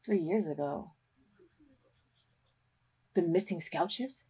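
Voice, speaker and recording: A woman hosting an anime reaction video, talking back at the screen and bursting into loud, emotional outbursts with cursing. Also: lowish voice, expressive, slow pace, breathy edge. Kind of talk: reaction commentary.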